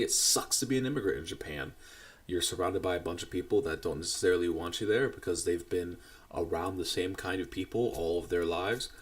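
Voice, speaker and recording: Low-voiced man giving market commentary. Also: recorded from a distance. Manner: measured, cautionary, self-correcting. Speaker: trading livestream host.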